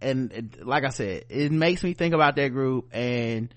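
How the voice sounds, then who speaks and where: Male podcast co-host, mid-pitched, loose and profane recap storyteller, dry close mic. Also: animated, unhurried, no room sound. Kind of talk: casual TV recap chat.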